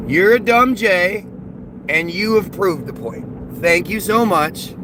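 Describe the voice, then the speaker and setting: A man's voice: high-pitched, expressive, takes it slowly. Sarcastic ranting man with lots of noise behind. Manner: sarcastic, profane, many restarts and repeated words. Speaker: vlogger. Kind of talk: unscripted ranting monologue.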